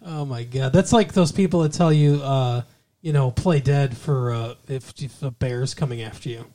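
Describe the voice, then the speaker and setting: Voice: mid-range voice, moderate pace, warm tone. A co-host of a casual comedic podcast, reading personal ads aloud and riffing on them in a wry, rambling way full of asides.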